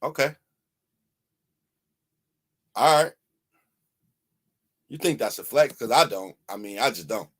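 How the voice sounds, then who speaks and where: A man hosting a reaction show, arguing back in casual commentary with slow, drawn-out emphasis. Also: mid-range voice, animated, fairly bright tone, husky. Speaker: host reacting to a clip.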